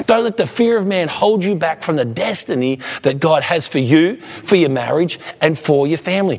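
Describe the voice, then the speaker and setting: An Australian man preaching a sermon, earnest and encouraging, with frequent restarts. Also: on the high side. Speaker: pastor. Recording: long hall reverb.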